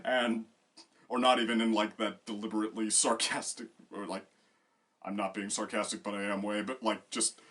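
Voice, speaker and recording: A man with a fairly low voice talks through a casual discussion as co-host. He rambles, circles back and restarts his sentences, loaded with fillers. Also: level tone, moderate pace. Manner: bursts into loud acted quotes.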